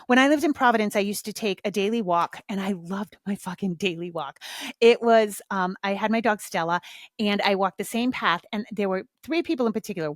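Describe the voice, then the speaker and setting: A woman's voice: medium pitch, no room sound, studio quality. A middle-aged woman hosting her own podcast, talking frankly in casual chat, swearing freely and acting out little exchanges. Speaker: podcast host. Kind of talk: casual solo podcast talk.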